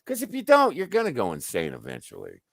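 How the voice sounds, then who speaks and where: A man's voice: medium pitch, fast talker, creaky, dry recording, clean studio sound. A man telling stories casually as a guest, swearing freely and acting out what people said. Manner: animated, profane, acts out quoted dialogue. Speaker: guest on a stream. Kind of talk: casual storytelling.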